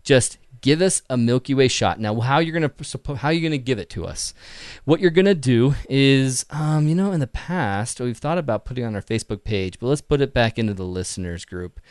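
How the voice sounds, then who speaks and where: A man's voice: mid-range voice, animated, fairly quick, hardly any pauses, darkish tone, smooth, no echo, studio quality. A man co-hosting a live podcast, upbeat and chatty, talking casually with his co-host. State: tired, out of breath. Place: indoors.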